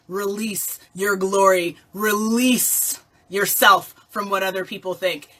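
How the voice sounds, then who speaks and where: A woman coaching listeners in a motivational talk, playful and animated, often asking rhetorical questions and laughing. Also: mid-range voice. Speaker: life coach.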